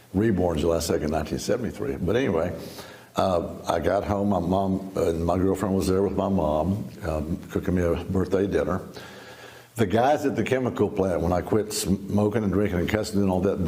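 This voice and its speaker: A man in his seventies, appearing as an interview guest, tells his life story as a folksy testimony, laughing as he goes. His voice is low and dark, and he speaks at a moderate pace.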